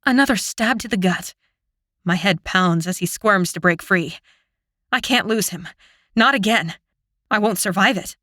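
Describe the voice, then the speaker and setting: A woman reads a fantasy audiobook in the first person with expressive, dramatic delivery. Her tone is bright and forceful, and the recording is close and completely dry, with no room sound. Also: medium pitch, measured pace, long pauses, no room sound. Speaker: audiobook narrator.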